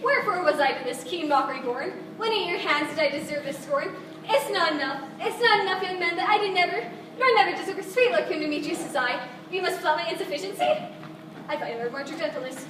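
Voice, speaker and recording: A woman's voice: very high-pitched, fast, noisy background. A woman acting on stage as a spurned, lovesick young woman, pleading in declaimed verse. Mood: hurt. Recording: distant echoey stage recording with ambience.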